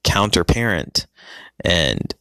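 Halting low-voiced man telling a story. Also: sing-song, pushed and bright, smooth, dry recording, clean studio sound. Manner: halting, many ums and restarts. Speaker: divorced father telling his story. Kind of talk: casual personal storytelling.

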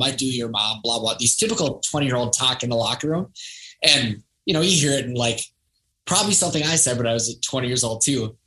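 A podcast guest in his thirties speaks with a fairly low, bright, forceful voice on a rough recording. In casual conversation, he reflectively tells a personal story, acting out the voices he quotes.

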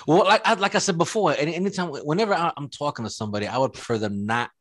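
A man's voice: fairly high pitch, lively intonation, racing, fairly bright tone, dry recording, clean studio sound. A man co-hosting a podcast in casual banter, laughing often and swearing with lots of slang. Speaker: podcast co-host.

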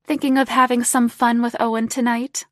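A woman voicing a confident, teasing older woman who speaks in a slow, purring, coaxing way. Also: a little high, level tone, a bit bright, dry recording, clean studio sound, voice pushed up, lightly acted.

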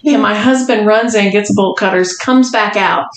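A woman's voice: medium pitch, normal speed, slight background noise. A woman on a casual podcast, telling a long story and acting out the other people's lines. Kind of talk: casual chat. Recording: roomy echo.

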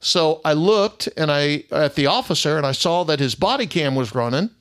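A man's voice: fairly high pitch, animated, moderate pace, a bit bright, clear, resonant tone. A middle-aged man, a private investigator telling an indignant story in a casual monologue and acting out the other people's lines.

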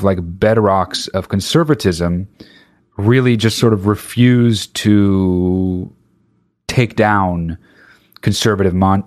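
A comedian doing a stand-up rant, talking in an exasperated, profane and rhetorical way. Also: male voice, deep voice, darkish tone.

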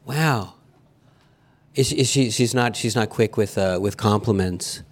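A man's voice: fairly low pitch, measured pace. A man hosting a live interview with podcast finalists, joking and chatty, stumbling into restarts. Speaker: host. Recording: lively crowd and noise behind.

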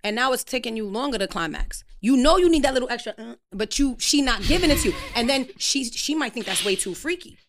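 A woman's voice: on the high side, lively intonation, quick pace, few pauses. A young woman talking bluntly and emphatically as a podcast guest, ranting in a preachy way in casual chat.

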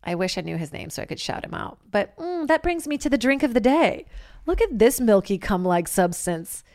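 A woman in her thirties, a comic and podcast host, telling stories in a brash, animated way and acting out voices. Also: on the high side, normal speed. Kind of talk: casual storytelling monologue.

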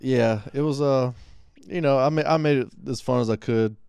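A man co-hosting a podcast, chatting casually in a rambling flow full of fillers and restarts. His voice sounds smooth and clear, recorded close to the mic in a dry, dead room. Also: mid-range voice, normal speed, a little mellow, no room sound. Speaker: podcast co-host. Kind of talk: casual chat.

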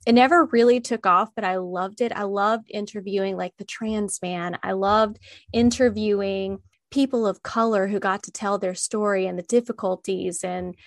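A woman hosting a podcast, asking her guest questions in a relaxed, friendly manner. Her voice is a middle pitch for a woman, and the recording is dry with no room sound. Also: moderate pace, no echo. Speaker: podcast host. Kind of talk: casual interview chat.

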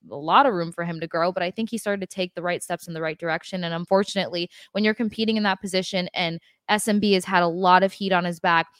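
A woman co-hosting a sports podcast, talking to fans in a lively, emphatic way. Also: mid-range voice, no echo, studio quality. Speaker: podcast co-host. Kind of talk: casual sports chat.

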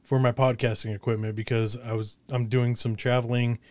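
A man's voice: mid-range voice, little pitch movement, a little fast, a little mellow, no echo. A male podcast host chats with a guest over a remote link. He has a mid-range voice and tells anecdotes in a loose, rambling way. His sound is dry and close, with no room around it. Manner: chatty storyteller, many fillers. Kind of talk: casual conversation. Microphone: remote podcast setup.

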